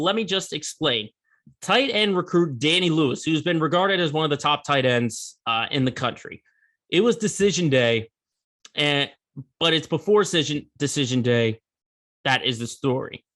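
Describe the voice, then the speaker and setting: A man's voice: a little high, lively intonation, moderate pace, a bit bright. A man hosting a sports podcast, giving opinionated, conversational commentary with emphatic bursts.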